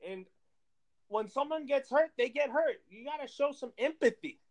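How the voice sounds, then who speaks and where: A man co-hosting a casual sports podcast, lecturing emphatically with loud bursts. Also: extremely high pitch, expressive, normal speed.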